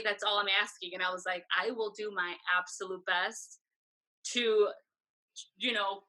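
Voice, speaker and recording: Woman podcast guest, bright and forceful tone, chatty storyteller, acts out quoted dialogue. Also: mid-range voice, rough recording. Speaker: guest, tour photographer. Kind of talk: casual interview storytelling.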